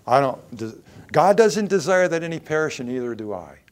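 A man's voice: fairly high pitch, very animated, normal speed. A male pastor preaching a sermon, quoting scripture and raising his voice for emphasis.

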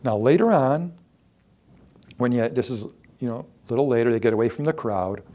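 Man, pastor, sermon, earnest, emphatic, repeats words for stress, swings soft to loud. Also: mid-range voice, lively intonation, fairly quick.

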